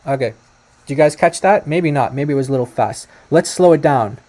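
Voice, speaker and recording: A man's voice: fairly high pitch, a little fast, darkish tone. A man casually walking viewers through a screen-share explainer, tentative and self-correcting, often stopping to apologize in case he has something wrong. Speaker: presenter.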